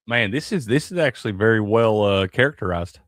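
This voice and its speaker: A man's voice: fairly low pitch, animated, fairly quick, fairly bright tone, dry recording, studio quality. A man co-hosting a sports talk show, chatting casually with easygoing, joking reactions. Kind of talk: casual chat.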